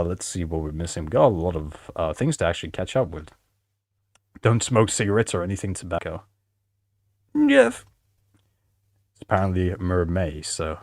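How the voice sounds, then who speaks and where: A man's voice: low voice, a little mellow, no room sound. A man streaming a casual reaction show, swearing freely and laughing often as he mocks what he watches. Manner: crude, laughs often, mocking.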